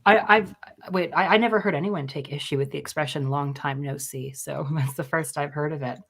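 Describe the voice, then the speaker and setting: A woman with a very low voice co-hosts a casual podcast. She explains her points in an earnest, careful way. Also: fairly quick, gravelly. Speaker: podcast co-host. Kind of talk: casual chat.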